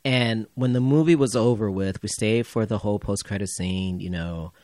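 A man's voice: fairly low pitch, normal speed, a little mellow, dry recording. A man hosting a podcast, chatting casually with dry, exasperated storytelling. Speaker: podcast host. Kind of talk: casual chat.

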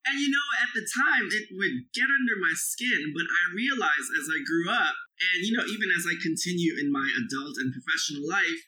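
A middle-aged man speaks as an interview guest in an earnest, reflective way, working through stories from his past. His voice is very bright and ringing. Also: high-pitched, animated, a little fast, hardly any pauses, rough recording. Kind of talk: conversational interview.

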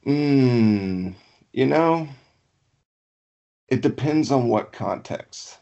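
A man's voice: medium pitch, lively intonation, extremely slow, vocal fry, mellow, lo-fi sound. A man from Alabama, a podcast guest, chatting casually in a laid-back, rambling way and laughing easily. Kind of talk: casual chat.

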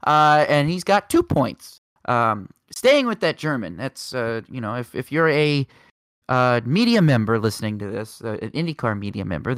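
A man's voice: a little high, a bit bright, dry recording, clean studio sound. A man co-hosting a casual racing podcast, rambling through the news with joking asides. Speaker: podcast co-host.

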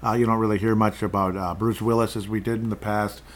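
A man's voice: on the low side, level tone, fast. A man hosting his own show, talking through news items in a rambling, sarcastic way with many restarts. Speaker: podcast host. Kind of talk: casual political commentary.

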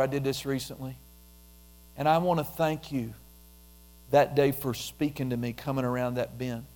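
A man preaching a conversational sermon, repeating phrases and dropping into a soft, quiet voice when he prays aloud. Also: mid-range voice, fairly even intonation, moderate pace, long pauses. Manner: conversational, repetitive, drops softly into prayer voice.

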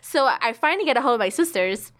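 A woman's voice: a little high, fast. A woman co-hosting a podcast, chatting casually. She tells family stories with animation and slips into the voices of the people she quotes. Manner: animated storyteller acting out family conversations. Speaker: podcast co-host. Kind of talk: casual chat.

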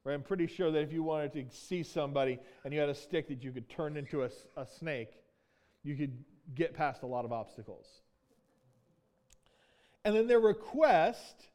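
A man's voice: fairly high pitch, darkish tone. A man preaching a sermon as pastor, teaching in a conversational way, often asking "right?" and acting out quoted lines.

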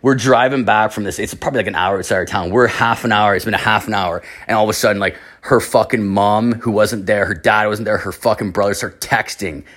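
A man's voice: lowish voice, steady tone, a little fast, hardly any pauses, a bit bright. A young man casually telling a rambling story, swearing constantly and acting out other people's voices.

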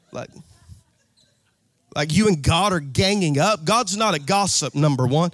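A man preaching a live sermon as pastor, animated and folksy, breaking into shouts and a sing-song cadence. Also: on the high side, a little slow, pauses often, no echo. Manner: folksy, jokes with the crowd, repeats phrases.

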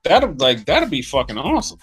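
A man's voice: fairly high pitch, huge pitch swings, brisk, fairly bright tone, breathy edge, soft background music. A man co-hosting a podcast, chatting casually and animatedly about wrestling, swearing often and acting out rants. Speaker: podcast co-host.

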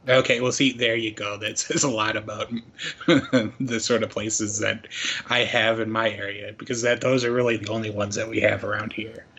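A man's voice: on the low side, flat delivery, moderate pace, bright, forceful tone. A man co-hosting a podcast, talking casually and wryly, often acting out what people said. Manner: wry, acts out quotes. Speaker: podcast co-host. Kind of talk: casual wrestling recap chat.

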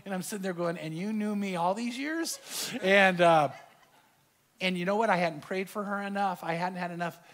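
A man's voice: sits high, moderate pace, fairly bright tone. A middle-aged male pastor preaching a sermon, telling a personal story and acting out the quoted dialogue with animation.

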